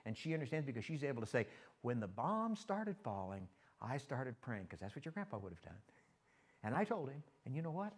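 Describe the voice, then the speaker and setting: Folksy older pastor, lively delivery. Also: male voice, medium pitch. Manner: folksy, animated, quotes people in his stories. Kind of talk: conversational sermon with storytelling.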